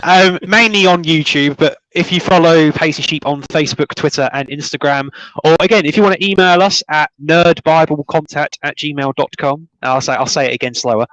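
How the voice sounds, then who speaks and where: A man chatting as a podcast guest, with a slightly high voice and a dry, close recording. He talks in a loose, joking way and laughs a lot. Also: a little fast, a bit bright, no echo, dull audio. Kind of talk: casual podcast chat.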